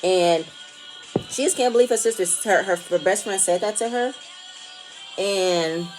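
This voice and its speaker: Low-voiced woman recapping a show. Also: darkish tone. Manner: rambling, restarts phrases, emphatic and opinionated. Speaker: reality TV recap vlogger. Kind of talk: casual spoken commentary.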